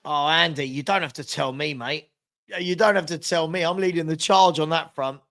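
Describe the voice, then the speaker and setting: At a moderate pace and with fairly even intonation, a fed-up watchalong host with a rather high voice narrates each pass of a live football match, groaning at his side between greetings to viewers.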